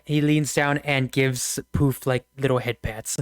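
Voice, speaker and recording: A man's voice: medium pitch, flat delivery, measured pace, clean tone, dry recording, clean studio sound. Laughing man running a tabletop game. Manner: laughs often, rambling storyteller. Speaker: game master. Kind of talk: narrating a tabletop game with character voices.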